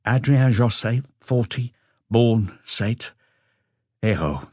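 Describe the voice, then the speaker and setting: A man's voice: medium pitch, animated, slow pace, darkish tone, dry recording, studio quality, voice pushed up. A man voicing an exhausted forty-year-old man who answers questions hesitantly and earnestly. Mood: weary.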